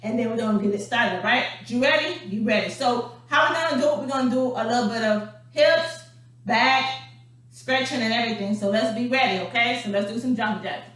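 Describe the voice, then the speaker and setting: An energetic woman coaches a home stretch workout, chatty and out of breath, voice pitched a little high. The sound is very echoey and taken from well away from the mic, with a faint hum underneath. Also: brisk, recorded from a distance. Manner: energetic, chatty, calls viewers honey and darling. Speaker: dance instructor.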